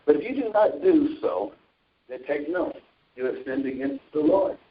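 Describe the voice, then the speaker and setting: Guy preaching off the cuff on a christian show, gravelly voice jumping all over, kinda dull lo-fi sound. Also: sits high, normal speed. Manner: animated storytelling with scripture readings. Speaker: Christian talk show host. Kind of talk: informal preaching.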